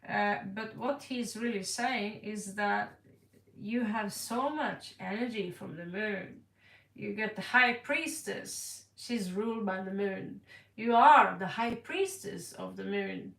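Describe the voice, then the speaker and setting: Slow, gravelly woman reading tarot. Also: mid-range voice, fairly bright tone. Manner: blunt and playful, laughs and repeats words for effect. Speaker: tarot card reader. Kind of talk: casual tarot reading to camera. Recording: echoey room, voice distant from the mic.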